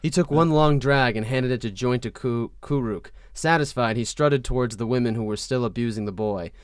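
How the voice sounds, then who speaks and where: A man reads fan fiction aloud for laughs, hamming up the dialogue with mock-dramatic flair. His voice is smooth and resonant, pitched in a middle register, and sits close and dry on the mic. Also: normal speed, dry recording. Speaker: podcast host reading fan fiction aloud. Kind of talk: comedic dramatic reading.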